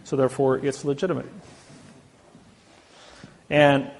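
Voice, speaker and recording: A man's voice: medium pitch, level tone, unhurried, gravelly. A man speaking to a live audience, telling boastful stories and acting out the quotes of others. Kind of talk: anecdotal lecture to a live audience.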